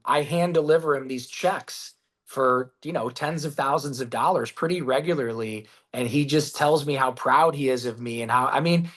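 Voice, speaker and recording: A man being interviewed as a guest, telling stories in a lively, casual way, acting out quotes and swearing freely. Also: mid-range voice. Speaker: guest, business founder. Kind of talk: storytelling in a podcast interview.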